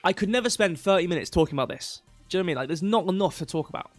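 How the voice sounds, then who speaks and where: Rambling male crypto streamer, slightly hoarse. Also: high voice, animated, rapid-fire, no echo, faint music behind. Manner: rambling, self-interrupting, reads chat aloud. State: losing his voice, coughing. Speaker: crypto livestream host. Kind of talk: casual livestream chat. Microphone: desk mic.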